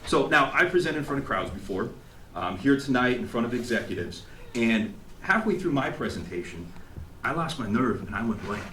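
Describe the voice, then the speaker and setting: A man giving an emotional, animated storytelling speech to an audience at an event, acting out what people said. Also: mid-range voice, normal speed, slight background noise. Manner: animated, acts out quotes, laughs along. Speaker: graduating student giving a speech. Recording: echoey hall, faint ambience.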